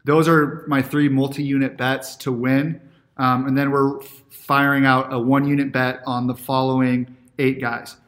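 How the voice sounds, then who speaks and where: A man's voice: medium pitch, level tone, measured pace, fairly bright tone. A man co-hosting a podcast in casual banter, enthusiastic as he rattles off picks. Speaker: podcast co-host.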